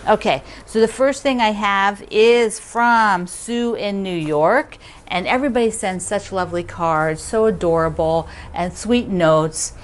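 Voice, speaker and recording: A woman's voice: mid-range voice, a little slow. Chatty, giggly woman quilting host. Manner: chatty, giggly, lots of gushing. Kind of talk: casual chat to viewers.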